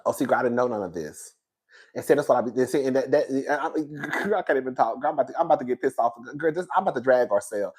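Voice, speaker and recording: Animated trash-talking reality TV commentator. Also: male voice, medium pitch, rapid-fire, husky. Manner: animated, swearing, says girl constantly, laughs. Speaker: host.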